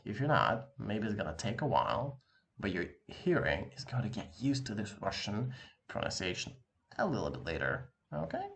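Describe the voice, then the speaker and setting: A man teaching an online language lesson, lively and encouraging, talking casually with slang to his viewer from a room with an open window. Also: lowish voice, moderate pace, gravelly. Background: dog barking outside.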